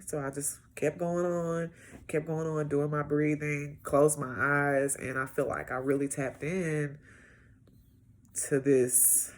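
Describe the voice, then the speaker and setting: A woman's voice: sits low, steady tone. A woman sharing a personal healing testimony in a vlog, talking to viewers in a reflective, emotional way. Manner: slow, reflective, emotional, talks straight to viewers. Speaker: healing client giving a testimony.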